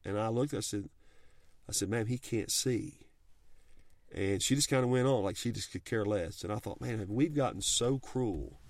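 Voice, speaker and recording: A man's voice: mid-range voice, a little mellow, no room sound, studio quality. A middle-aged man giving earnest, folksy advice on marriage and faith, speaking plainly with frequent restarts. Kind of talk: heartfelt talk on marriage and faith.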